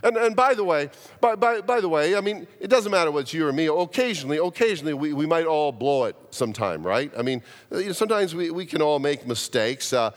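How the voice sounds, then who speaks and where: Fast and lively, with a voice on the high side and barely a pause, this man is a pastor telling a sermon story. He repeats words, restarts mid-thought, and performs the voices he quotes, and the church sanctuary adds long reverb.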